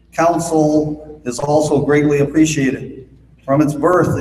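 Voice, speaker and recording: Speaking from a podium microphone at a convention, a Minnesota man who chairs the Boy Scouts has a fairly high, slightly mellow voice that rings through a large hall with a long reverb tail. He tells a folksy joke, then reads off thanks and figures in a plain, unhurried manner with frequent "uh" fillers. Faint background noise sits under the room.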